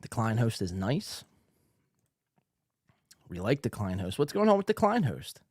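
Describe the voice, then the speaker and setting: A man's voice: on the low side, wildly swooping pitch, measured pace, no echo, studio quality. A man hosting a live podcast, talking profanely and loosely while reading out viewer comments. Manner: loud, profane, hyped yelling. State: out of breath. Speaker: podcast host. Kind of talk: live-streamed podcast talk. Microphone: studio mic.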